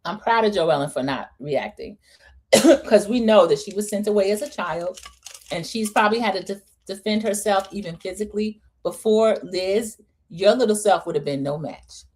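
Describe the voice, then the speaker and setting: A chatty woman recaps a reality TV episode, full of opinions. She talks in a relaxed, easy way and acts out what the cast said. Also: medium pitch, moderate pace, slightly rough. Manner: chatty, opinionated, animated quoting of cast members. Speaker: host.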